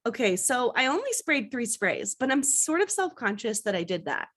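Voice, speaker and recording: A young woman co-hosting a podcast, telling a story in casual chat, animated and laughing at herself. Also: a little high, normal speed. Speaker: podcast co-host.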